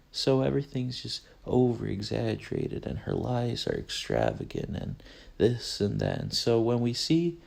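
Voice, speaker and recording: A young man with a low, gravelly voice hosts his own podcast and rambles through a film, loose and profane. He stops himself often to correct a word or restart a thought, and he keeps the tone of casual chat throughout. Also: darkish tone. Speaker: podcast host.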